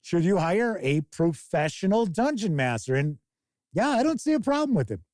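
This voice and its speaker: A man's voice: high voice, normal speed, dry recording, studio quality. A man hosting a live tabletop-gaming stream, talking casually in a rambling way, with bursts of swearing. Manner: rambling, profane, animated mock quotes. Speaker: host.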